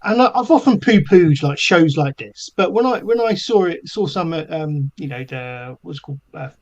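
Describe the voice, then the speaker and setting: A man's voice: on the high side, expressive. A man hosting a podcast, chatting casually and reacting eagerly to his co-host. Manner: chatty and encouraging, quick reactions. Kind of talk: casual chat.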